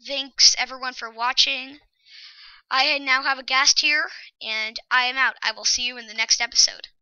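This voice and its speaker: A woman giving excitable, anxious gameplay commentary, often dropping to a whisper. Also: sits high, normal speed, clear, resonant tone, no room sound, dull audio. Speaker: let's play host.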